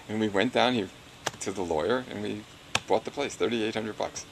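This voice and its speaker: A man's voice: lowish voice, a little fast, creaky, slight background noise, rough recording. An older man recounting his past in an oral history interview, rambling and chuckling, with many "you know"s.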